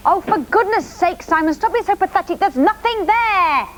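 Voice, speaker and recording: High-pitched lady on kids tv, bossy and excitable, very up-and-down voice. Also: moderate pace, noisy background. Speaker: children's TV presenter. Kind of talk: scripted comedy sketch.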